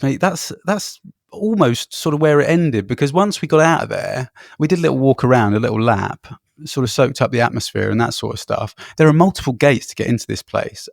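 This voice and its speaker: A man's voice: medium pitch, creaky, no echo, studio quality. A man, co-host of a travel podcast, telling rambling travel anecdotes in casual chat with fillers and laughs.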